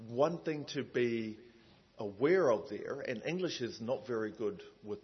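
A man's voice: medium pitch, lively intonation, a little slow, breathy edge, dull audio. A man preaching a sermon in a conversational way, with many asides and fillers.

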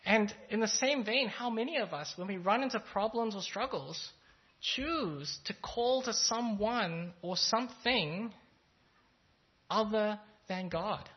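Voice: medium pitch, slow. Pastor, storytelling sermon, easygoing, thoughtful, fillers, dull lo-fi sound. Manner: relaxed, thoughtful, with frequent "uh" fillers.

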